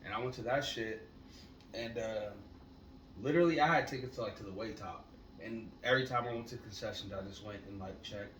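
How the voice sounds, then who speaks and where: A man's voice: lowish voice, a little fast. Laid-back profane man on a podcast. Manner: laid-back, profane, swings up loud when excited. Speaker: podcast co-host. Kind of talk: casual storytelling chat. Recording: echoey room, mic at a distance, noisy.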